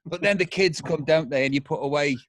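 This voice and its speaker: A man's voice: a little high, brisk, dry recording, studio quality. A man in his forties with an English accent, chatting casually and swearing freely as a guest over a video call. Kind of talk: casual chat.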